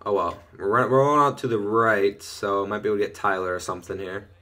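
A young man casually commenting on his own gameplay from his bedroom, chatting through each play and getting loud and excited when things go well. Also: fairly low pitch, fast talker, faint music behind. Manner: excitable, shouts and laughs at big plays. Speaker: gaming video host. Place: bedroom at home.

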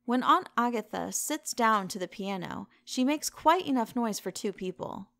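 A woman reading a witty, languid gentleman. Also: on the high side, animated, normal speed, creaky, dry recording. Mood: teasing.

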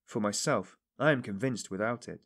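Shrewd probing investigator, middle-aged, low and insistent, read by a man. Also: moderate pace, breathy edge. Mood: calm. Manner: insistent, animated, rising to emphasis. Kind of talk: audiobook character reading.

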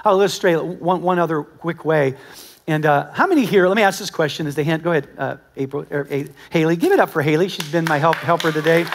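In this sermon, a fast-talking pastor with a strikingly high voice tells animated stories, acting out quotes and speaking conversationally straight to his congregation. A faint crowd can be heard.

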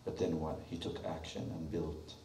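A man's voice: extremely low pitch, completely flat delivery, normal speed, mellow, slight background noise. A man preaching a sermon, telling an illustration and pressing the listeners with rhetorical questions. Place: church sanctuary. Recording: echoey church hall from a distant mic.

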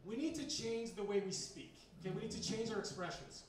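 A man does stand-up comedy with a rambling, hesitant delivery full of fillers, and his voice sits high for a man. He was recorded from far back in a bar, with heavy room echo and a faint hum of ambience. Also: expressive, a little fast. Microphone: handheld recorder in the audience.

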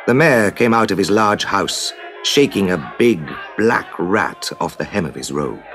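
A man narrating a classic children's story with dramatic, deliberate storytelling. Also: deep voice, expressive, fairly bright tone, soft background music.

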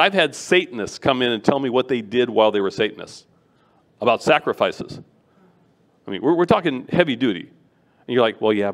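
A middle-aged man giving a sermon as a guest preacher, animated and acting out the voices of people he quotes. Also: mid-range voice.

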